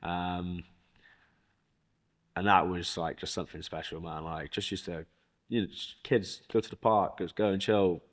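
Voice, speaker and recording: A man's voice: sits low, fairly even intonation, measured pace, pauses often. A young man in his twenties, interviewed for a documentary, telling a story in a casual, loose way with swearing and quoted dialogue. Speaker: interviewee, rapper.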